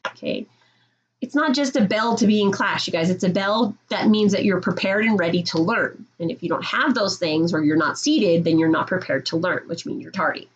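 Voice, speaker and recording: A woman's voice: lowish voice, normal speed, highs cut off. Firm teacher woman laying down rules. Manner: firm, direct, repeats "okay?". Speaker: middle school teacher. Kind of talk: classroom rules talk to students.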